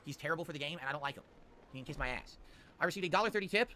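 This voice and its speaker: A man streaming live, answering chat questions with quick, opinionated rants. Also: a little high, animated, pushed and bright, slight background noise. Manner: rapid, opinionated ranting. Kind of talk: livestream chat reply.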